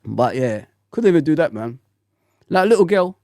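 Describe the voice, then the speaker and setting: A man in his forties hosts a fan livestream and rants bluntly in a casual, slang-filled way. His voice sits somewhat high and swings widely in pitch. The sound is close and dry, with no room echo. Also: normal speed. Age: 40s. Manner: animated, blunt, ranting, slangy. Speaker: football fan channel host.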